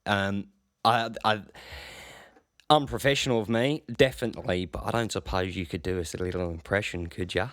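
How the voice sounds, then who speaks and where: A man's voice: on the low side, fairly even intonation, moderate pace, a bit bright, no echo, studio quality, lightly acted. A man playing a fawning, bumbling Australian radio host in a comedy radio sketch, gushing over his guest and calling him mate. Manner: gushing and sycophantic, says mate often.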